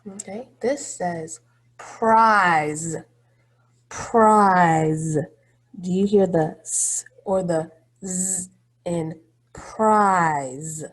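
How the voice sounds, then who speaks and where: Woman, phonics teacher, very slow, husky, patient, encouraging. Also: on the low side. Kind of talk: phonics lesson for young children.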